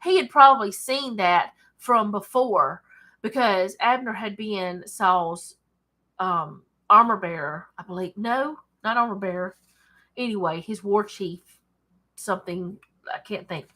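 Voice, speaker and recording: Bright-voiced Southern woman reading Bible. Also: mid-range voice, measured pace. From Alabama, USA. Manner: chatty, digressive, laughs often. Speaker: Bible study host. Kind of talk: casual Bible reading and commentary. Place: at home desk.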